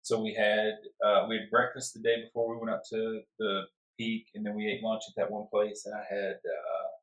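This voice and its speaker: A man's voice: on the low side, little pitch movement, moderate pace, a bit bright. Candid man chatting in a roomy room. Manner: frank, candid, joking. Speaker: host recounting a climb. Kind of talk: casual chat. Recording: roomy, distant mic.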